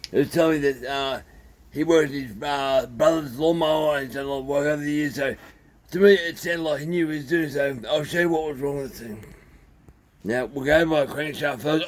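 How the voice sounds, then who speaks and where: A man with an Australian accent, talking casually and haltingly through a chainsaw repair, with many fillers. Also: a little high. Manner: rambling, plain-spoken, halting with fillers. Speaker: small engine repairer. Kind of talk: casual workshop video.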